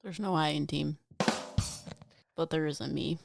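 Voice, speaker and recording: A woman's voice: low-pitched, fairly even intonation, a little slow, gravelly, over music. A woman co-hosting a podcast, chatting casually in a playful, teasing way and cracking jokes. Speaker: podcast co-host. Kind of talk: casual chat.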